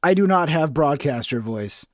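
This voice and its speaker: A man's voice: on the high side, expressive, moderate pace, dry recording, clean studio sound. A man hosting a casual political reaction stream, blunt, profane and sarcastic. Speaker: streamer host.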